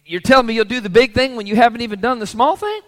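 A man's voice: very high-pitched, fast talker, long reverb tail. A male pastor preaching a sermon, pressing the congregation with rhetorical questions.

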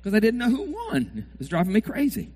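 Man preaching, high voice, big swoops, acts out cheering fans. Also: quick pace, slightly rough. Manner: animated, acts out fans shouting at the TV. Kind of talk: sermon.

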